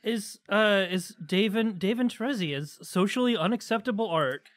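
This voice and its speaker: A podcast co-host chatting casually, playful and quick to joke. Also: medium pitch.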